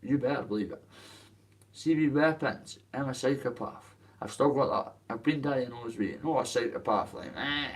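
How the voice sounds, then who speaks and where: A man's voice: medium pitch, lively intonation, normal speed, far from the mic. A man with a Dundee Scottish accent, ranting to camera about his boxing, in a coarse, rambling way with plenty of swearing. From Dundee, Scotland. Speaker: boxer telling his story. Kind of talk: casual rant to camera.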